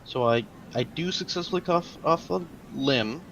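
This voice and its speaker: A man's voice: a little high, creaky, fairly bright tone, a little hiss or hum. Eager male player, dull lo-fi sound. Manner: eager, asks questions in quick restarts. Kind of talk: casual tabletop game play. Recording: dull lo-fi mic.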